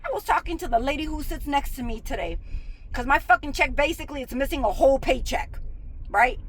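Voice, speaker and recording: High-voiced woman in a heated profane rant. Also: lively intonation, fairly quick, slight background noise, rough recording. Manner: bitter, sarcastic ranting. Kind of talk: angry venting monologue.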